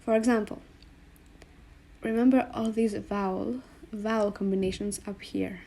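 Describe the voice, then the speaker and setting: Warm and steady, a woman's medium-pitched voice guides a learner through Greek letter combinations written on a board. She speaks slowly and patiently, sounding out each one and saying it again.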